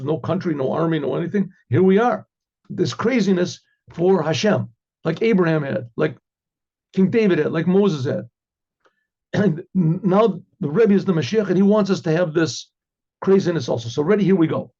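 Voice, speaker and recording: A man, a rabbi teaching an informal class, who tells stories by acting out the dialogues and keeps clearing his throat. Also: high voice, dark tone, dull audio.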